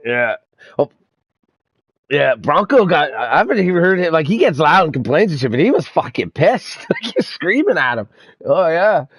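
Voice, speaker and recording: Young male sim-racing streamer, relaxed and profane, voice a bit high, close dry mic. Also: normal speed, husky, dry recording. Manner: laid-back, swears and laughs often. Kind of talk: casual chat over voice chat.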